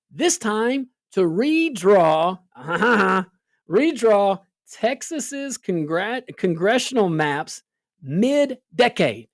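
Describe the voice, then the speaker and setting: A woman with a slightly high voice hosts a political talk show, offering casual commentary that's sarcastic and full of rhetorical questions. The sound is clean studio quality with no room sound.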